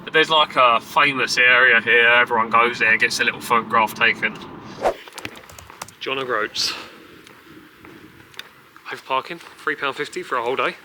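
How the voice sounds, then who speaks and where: A man chatting casually and excitedly to camera as a travel vlogger, driving and walking about. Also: medium pitch, normal speed, long pauses, background noise. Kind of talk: casual travel vlog chat. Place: in a car and outdoors.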